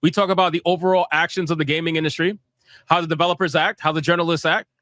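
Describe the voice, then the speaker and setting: A man riffs on a live gaming stream, blunt and profane, mocking his rivals with emphatic jabs. His voice sits high and sounds bright and forceful. The sound is dry and close. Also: steady tone, fast, no echo. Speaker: streamer host.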